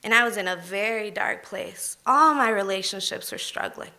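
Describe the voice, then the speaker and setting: A woman's voice: mid-range voice, normal speed, sharp tone. A woman in her thirties telling a candid personal story on stage at a live storytelling event, emphatic and conversational.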